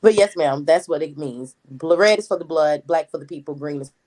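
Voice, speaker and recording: Talkative Gullah Geechee woman, lowish voice. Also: a little mellow, low-quality recording. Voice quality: talkative, words flow quickly. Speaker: community activist, guest. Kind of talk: personal interview answers.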